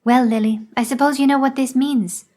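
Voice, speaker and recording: A woman reading aloud, voicing a dying middle-aged father who speaks gently and steadily. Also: high voice, steady tone, brisk, pitched above the performer's own voice, natural voice. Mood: tender.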